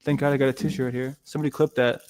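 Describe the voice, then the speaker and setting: A man hosting a livestream rambles through casual commentary, swearing a lot, restarting and losing his thread. His mid-range voice is level and darkish, and he talks at a racing pace, with a little hiss or hum on the audio.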